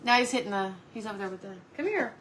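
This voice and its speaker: A woman's voice: mid-range voice, fairly even intonation, racing, a bit bright, a little hiss or hum, low-quality recording. A woman chatting casually on a live craft stream from home, cooing at her dog between talk about her painting.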